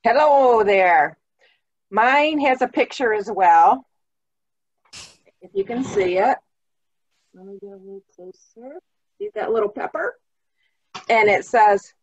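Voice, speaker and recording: A woman's voice: fairly high pitch, sing-song, slow, pauses often, highs cut off. A woman telling a joke on a video call, patient and repeating the punchline.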